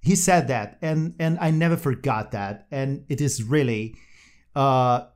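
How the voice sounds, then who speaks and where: A man co-hosting a casual chat, telling anecdotes in an animated way and laughing often. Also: mid-range voice, a little slow. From Brazil. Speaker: podcast co-host. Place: Brazil.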